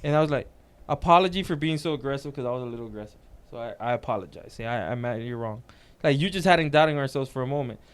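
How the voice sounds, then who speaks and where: A man co-hosting a casual podcast, telling an animated story and reading comments aloud. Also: medium pitch, quick pace, clean tone. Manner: animated storytelling, reads out comments, laughs a lot. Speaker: podcast co-host.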